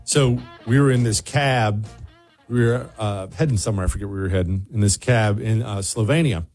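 A man hosting a talk show who tells a digressive travel anecdote to his co-host in a lively way. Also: on the low side, normal speed, soft background music. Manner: animated, digressive storyteller.

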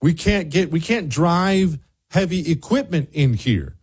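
A man voicing a female cave tour guide who explains things plainly, in a husky voice that is raised a little in pitch. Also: expressive, unhurried, darkish tone, exaggerated voice. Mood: explaining.

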